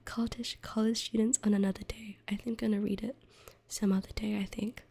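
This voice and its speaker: A woman's voice: mid-range voice, level tone, brisk, creaky, warm tone, breathy edge. A young woman streamer in a whispered ASMR chat, rambling and giggling at herself as she reads, close to the mic. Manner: giggly, rambling, self-deprecating.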